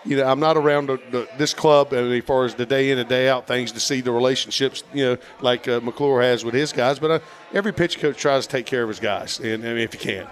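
A man, a former pitcher, talking casually about baseball in a halting way full of fillers. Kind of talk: casual baseball podcast chat.

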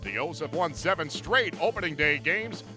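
A man narrating a sports news report in a measured, scripted way. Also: a little high, lively intonation. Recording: voice-over with music underneath.

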